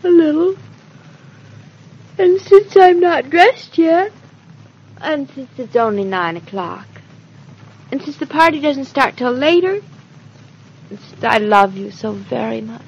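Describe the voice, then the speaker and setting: An actress in 1940s radio acting, playing an earnest, affectionate young newlywed wife with a breathless, wide-eyed manner. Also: female voice, high-pitched, lively intonation, slow, pauses often, full character voice. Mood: tender. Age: young adult. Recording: dull old radio transcription.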